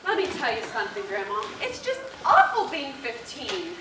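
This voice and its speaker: A woman's voice: high voice, wildly swooping pitch, moderate pace. Young woman as a moody, dramatic teenage girl. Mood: sulky. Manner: overwrought, complaining. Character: moody, dramatic fifteen-year-old girl. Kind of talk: high school stage play. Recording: echoey hall, from far, noisy.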